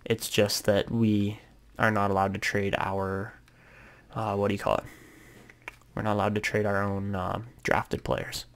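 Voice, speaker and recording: A man's voice: fairly low pitch, unhurried. A young man giving casual gameplay commentary, thinking aloud with lots of ums and uhs as he plans his moves. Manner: relaxed, thinking aloud with many fillers. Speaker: gaming YouTuber.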